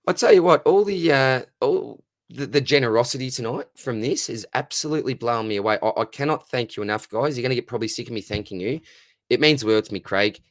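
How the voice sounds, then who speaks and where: A man's voice: medium pitch, fast talker, no room sound, studio quality. A man with an Australian accent hosting a casual live stream Q&A, reading out chat questions and answering them in a friendly, matey way.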